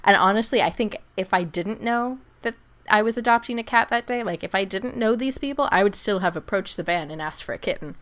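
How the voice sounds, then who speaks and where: A woman co-hosting a podcast, telling an animated story in casual chat, acting out the people she quotes and laughing often. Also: medium pitch, a little fast. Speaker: podcast co-host.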